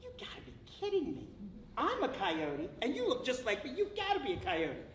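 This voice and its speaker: An amazed, friendly coyote, high and eager, in a spoken folk tale, as a man puts him on. The voice bounces around a large room and sits at a distance from the mic, with faint background noise. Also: a little slow, roomy sound. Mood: insistent. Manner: high excited storybook voicing. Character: startled friendly male coyote.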